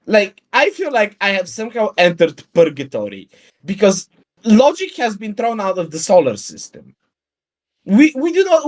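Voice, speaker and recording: A man, a guest on a livestream, ranting in a profane and sarcastic way in casual chat over a video call mic. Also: high-pitched.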